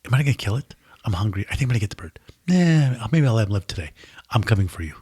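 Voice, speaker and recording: A man voicing a sly, hungry house cat in a low, breathy half-whisper. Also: sing-song, very fast, darkish tone. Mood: scheming.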